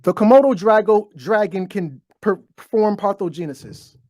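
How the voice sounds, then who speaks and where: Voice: medium pitch, expressive, normal speed, a little mellow, no echo, studio quality. A host giving a profane, preachy monologue to viewers, stuttering as they go, talking into a desk microphone. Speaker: online show host. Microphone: desk microphone, bumped while talking.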